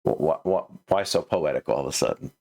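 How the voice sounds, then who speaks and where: A man's voice: rumbling low, measured pace, vocal fry. A man giving a comedic critique of a manuscript, sarcastic, laughing often and stammering through restarts.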